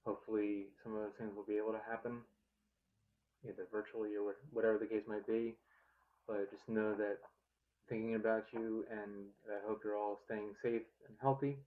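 A man's voice: fairly low pitch, level tone, normal speed. A man teacher giving a sincere video message to his students. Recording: tinny phone-like audio.

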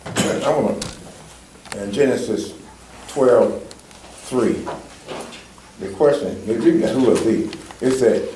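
A man with a Southern American accent asking a Bible question in a church meeting, reading scripture slowly and haltingly. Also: mid-range voice, dark tone. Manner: slow, halting, reads scripture aloud haltingly. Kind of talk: casual prayer-meeting discussion. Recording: echoey room, far from mic, faint hiss.

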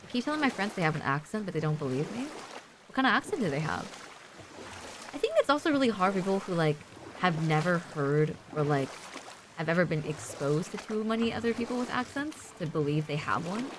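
A woman's voice: lowish voice, expressive, fairly quick, background noise. A woman streaming a video game, chatting casually and rambling with many fillers as she plays. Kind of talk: casual chat while gaming.

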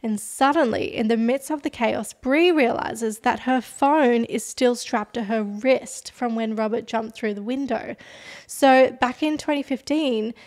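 A woman's voice: fairly high pitch, measured pace, darkish tone. A woman hosting a podcast, casually retelling a true-crime story with lots of "like" fillers and dramatic emphasis. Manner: chatty, heavy use of "like" as filler. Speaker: podcast host.

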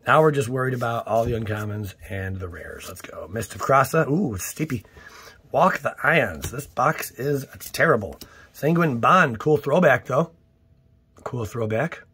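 A man hosting a casual card-opening video, playful and exclamatory with goofy catchphrases, sometimes dropping to a hushed near-whisper. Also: medium pitch, lively intonation, unhurried, husky. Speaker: card-opening channel host. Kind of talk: casual unboxing commentary.

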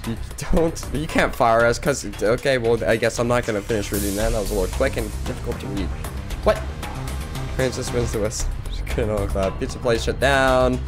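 A man's voice: medium pitch, normal speed, music in the background. Male gaming YouTuber, casual and jokey, narrating his playthrough. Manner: joking, reads on-screen text aloud. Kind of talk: casual gameplay commentary.

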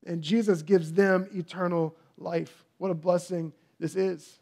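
A man's voice: high-pitched, fairly even intonation, a little slow, creaky, hardly any pauses, a little mellow. A man pastor preaching a sermon, building fervor through repeated phrases. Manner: preaching with rising fervor and repetition.

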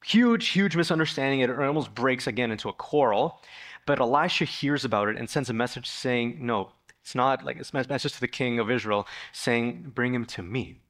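A man preaching a sermon in a church, retelling a Bible story in a lively way and raising his voice to act out the people in it. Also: moderate pace. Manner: animated storytelling, acting out the figures with sudden raised pitch. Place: church sanctuary.

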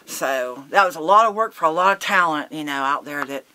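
A woman guest in an interview, telling a story in a heated, emphatic way, swearing and loudly acting out what she said. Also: low voice, brisk. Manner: laughs between lines.

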